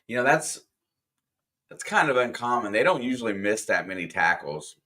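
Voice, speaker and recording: A man's voice: mid-range voice, very animated, normal speed, pushed and bright. A man co-hosting a game reaction stream, giving easygoing, jokey analysis. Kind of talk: casual game analysis chat.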